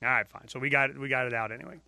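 A man's voice: medium pitch, fairly even intonation, rapid-fire, gravelly, sharp tone, dry recording. A man hosting a talk radio show, talking in a rambling, emphatic way with many fillers into a close studio mic. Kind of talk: casual talk radio monologue.

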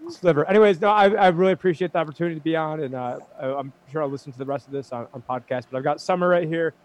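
A man speaking as a guest in casual chat, halting and repeating his words. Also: on the high side. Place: busy event floor.

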